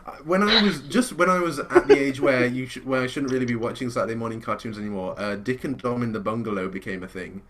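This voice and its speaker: A man's voice: mid-range voice, fast, few pauses, heavy background noise. A man from England co-hosting a podcast in casual, sweary chat, laughing often. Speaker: podcast co-host.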